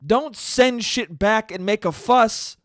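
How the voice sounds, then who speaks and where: Profane ranting man, high-pitched, dry sound. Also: slow pace, dry recording. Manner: profane, exasperated ranting with sudden loud spikes. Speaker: podcast host. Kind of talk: solo ranting podcast monologue.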